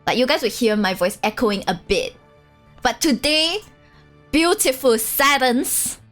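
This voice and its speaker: A young woman streaming a game, chatting casually in an animated, giggly way. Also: medium pitch, moderate pace, faint music behind. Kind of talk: casual let's-play chat.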